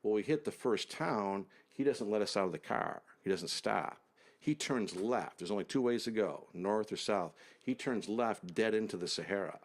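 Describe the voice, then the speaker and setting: A man telling a long travel story as an interview guest, unhurried and detailed, often trailing off low. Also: lively intonation.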